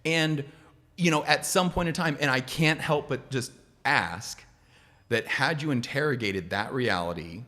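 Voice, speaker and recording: A man's voice: medium pitch, measured pace, bright, forceful tone, in a large hall. A man in a casual interview, speaking reflectively and asking probing questions.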